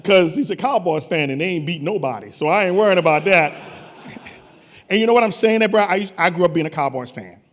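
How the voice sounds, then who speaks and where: Onstage as a conference host, this lively New Orleans man teases the audience with rapid jokes in playful banter. His voice is high and ranges widely in pitch.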